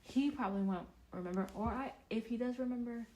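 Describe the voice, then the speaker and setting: A young woman casually telling a storytime vlog, rambling with restarts and sudden animated bursts of loudness. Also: a little high, a little fast, poor audio. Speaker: vlogger.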